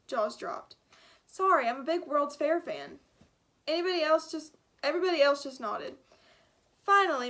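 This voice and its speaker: High-voiced woman teacher reading aloud. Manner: lively, animated character voices with asides and laughs. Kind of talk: storybook read-aloud.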